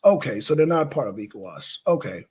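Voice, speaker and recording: A man hosting a casual news chat, animated and teasing, swearing freely. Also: mid-range voice, brisk, slightly rough. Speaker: show host.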